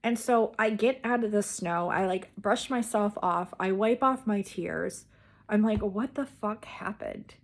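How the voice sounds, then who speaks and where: A woman's voice: medium pitch, a little slow. A woman vlogger casually telling a personal story, rambling with many "like"s and restarts.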